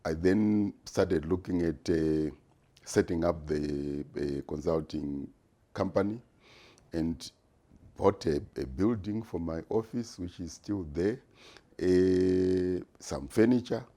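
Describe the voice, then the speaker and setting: Slow, deep-voiced man in his sixties. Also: mellow. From Zimbabwe. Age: 60s. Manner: measured and deliberate, frequent "uh" pauses. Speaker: retired business executive, guest. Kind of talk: conversational interview answers.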